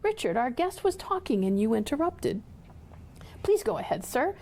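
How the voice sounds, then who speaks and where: A woman voicing a calm male spiritual teacher in a book reading, gentle and soothing. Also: on the high side, normal speed.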